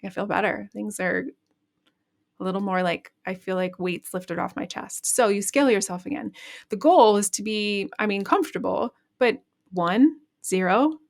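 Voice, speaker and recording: Calm woman guiding a tapping session. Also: mid-range voice, moderate pace, creaky. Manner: calm instructive, leads repeat-after-me phrases. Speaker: podcast host and EFT coach. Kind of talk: guided EFT tapping lesson.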